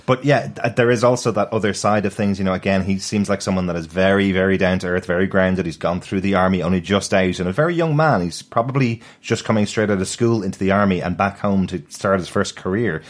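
A man co-hosting a podcast, chatting briskly about a TV episode and chuckling now and then. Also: low-pitched. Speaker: podcast co-host.

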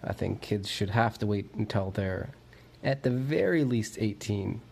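Measured low-voiced man answering a question. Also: vocal fry, darkish tone, a little hiss or hum. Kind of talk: casual chat.

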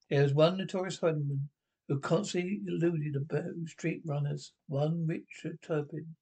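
A man's voice: a little high, warm tone. A man reading a film script aloud in a plain voice, with occasional slips and asides. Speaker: script reader.

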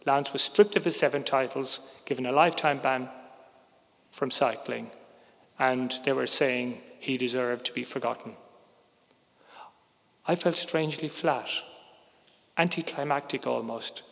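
A man's voice: mid-range voice, unhurried, gravelly, long pauses, a bit bright. A middle-aged man, a journalist, telling a personal story on stage in a candid, wry, conversational way. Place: theater stage before an audience. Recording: reverberant live hall.

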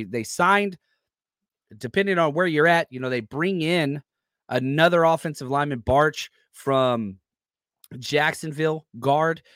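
A man's voice: fairly high pitch, a bit bright, dry recording, clean studio sound. A man hosting a live sports podcast, talking loosely and energetically while reading chat comments aloud. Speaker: podcast host.

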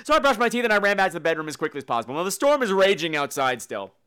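A man's voice: high-pitched, rapid-fire, clean tone. A man hosting a podcast, telling a personal story in a theatrical, comedic way, swearing freely. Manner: animated, profane, theatrical, acts out quotes. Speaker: podcast host.

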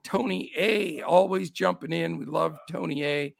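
A man's voice: on the high side, a little slow, creaky. A middle-aged man with a scratchy voice hosting a casual sports betting show, upbeat as he greets his chat. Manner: upbeat, shouts out chat names. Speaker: show host.

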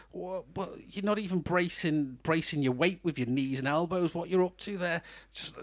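A British man with a high voice hosts a podcast, chatting casually about a film at a brisk pace with hardly any pauses. He laughs often and slips into mock voices, and there is no room sound.

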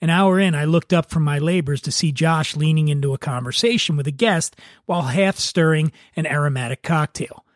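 Man reading a bar story aloud, wry and relaxed. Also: on the high side, brisk, few pauses, no room sound, studio quality. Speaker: podcast host.

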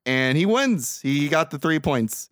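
A young man recapping a movie on a comedy podcast, his pitch jumping around as he tells the story. He swears freely and breaks into loud laughs. The sound is dry and close. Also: very animated, measured pace, no room sound. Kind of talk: casual comedic chat.

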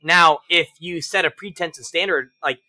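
A man as a podcast guest, telling stories animatedly, swearing freely and acting out shouted range commands. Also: on the high side, normal speed. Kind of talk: casual interview chat.

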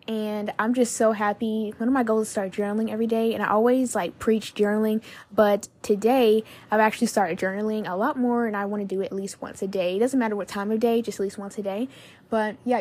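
A woman's voice: a little high, darkish tone, breathy edge. A woman hosting her own podcast in a gushing, upbeat chat, full of "like" and "literally" fillers. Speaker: podcast host.

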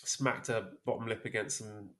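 A man's voice: on the low side, steady tone, moderate pace, a bit bright. A man in his thirties hosting a podcast, chatting casually in a rambling, self-mocking way. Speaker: podcast host.

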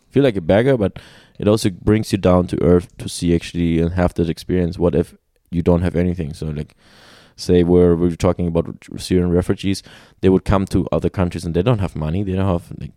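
A man recounts his travels in relaxed conversation. His voice sits very low with a dark, mellow tone. He talks animatedly, restarts often and laughs a lot, and the recording is dry and close. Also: dry recording. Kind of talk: casual conversation.

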